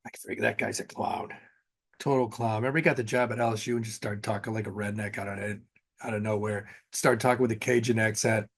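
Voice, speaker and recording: A man's voice: on the low side, steady tone, quick pace, gravelly, husky. A man casually running through betting picks for the weekend games in a blunt, offhand way, with frequent fillers. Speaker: sports betting analyst.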